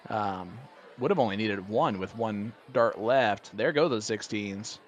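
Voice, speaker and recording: A man's voice: on the low side, unhurried, dull audio, slight background noise. A man doing live darts commentary, chatty and enthusiastic, joking with his co-hosts.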